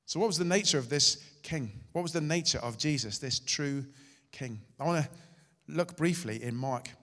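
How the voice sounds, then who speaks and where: A male pastor preaching a sermon, swinging between loud and hushed delivery. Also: on the high side, moderate pace. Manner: dramatic, shifting loud and soft. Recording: hall reverb.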